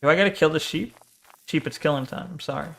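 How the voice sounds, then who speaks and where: A man's voice: a little high, quick pace, gravelly, fairly bright tone, slight background noise. A man casually chatting and joking while streaming a game, reading chat aloud and swearing now and then. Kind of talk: casual live game commentary.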